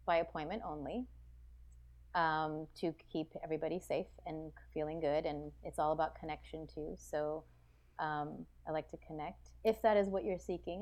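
Chatty, animated American woman. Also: fairly low pitch. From United States. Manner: animated, reflective, full of "like" and restarts. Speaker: podcast guest. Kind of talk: casual interview chat.

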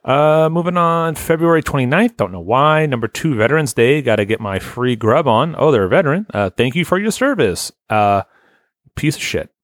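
A man's voice: medium pitch, animated, normal speed, no echo. Laid-back male podcast host, dry close mic. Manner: loose, rambling, swears casually. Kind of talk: casual chat, reading listener lists.

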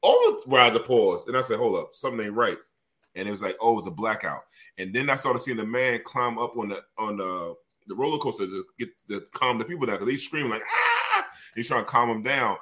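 Bright-voiced, animated New man. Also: lowish voice, fast. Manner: animated, profane storyteller acting out quotes. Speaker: podcast co-host. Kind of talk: casual storytelling chat.

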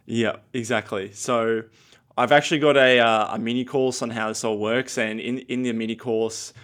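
A man's voice: medium pitch, steady tone, normal speed, a bit bright. Rambling man explaining in a casual chat. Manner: rambling, explains step by step with quoted prompts. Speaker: guest copywriter.

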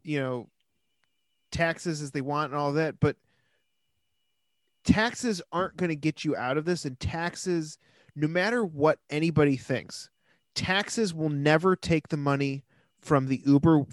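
Opinionated man with a fairly high voice. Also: unhurried, no echo, studio quality. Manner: opinionated, argues his point. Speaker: podcast co-host. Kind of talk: casual chat.

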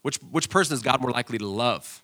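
This sermon comes from a pastor speaking fast at medium pitch. His storytelling is animated, and he gets loud and excited while dramatizing scenes.

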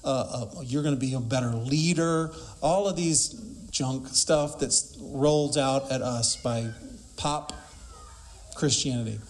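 A man's voice: medium pitch, slow pace. A man preaching a sermon emphatically, asking rhetorical questions and quoting scripture.

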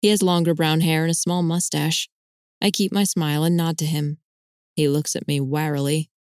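A woman narrating a first-person novel at a measured, even pace. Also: sits low, clear, resonant tone, no echo, studio quality. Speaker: audiobook narrator.

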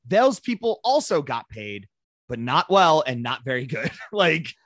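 A man co-hosting a podcast in casual, rambling chat, animated and swearing freely. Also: fairly high pitch, measured pace, no room sound, studio quality. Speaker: podcast co-host.

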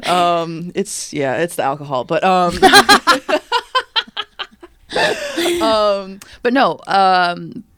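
A woman's voice: mid-range voice, wildly swooping pitch, drawn-out words, long pauses, fairly bright tone, no room sound. A woman hosting a podcast, chatting casually in a giggly, rambling, effusive way. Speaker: podcast host. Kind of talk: casual chat.

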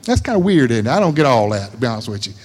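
A man preaching a sermon in a folksy, animated way, repeating lines for emphasis. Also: medium pitch, very fast. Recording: reverberant hall.

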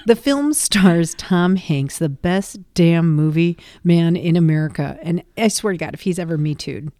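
A woman's voice: lowish voice, animated, moderate pace, mellow, no echo, studio quality. A middle-aged woman co-hosting a comedy podcast, joking wryly in casual chat. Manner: wry, joking. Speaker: podcast co-host.

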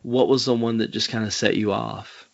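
A man's voice: fairly low pitch, fairly even intonation, normal speed, creaky, muffled recording. A man with a Southern US accent hosting an interview, rambling and hesitant, laughing often. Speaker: podcast host. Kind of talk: casual interview chat.

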